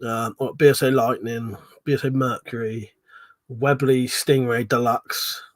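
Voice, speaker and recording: A man's voice: medium pitch, steady tone, unhurried. A man hosting a casual livestream, rambling, swearing freely and reading viewers' chat aloud. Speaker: livestream host.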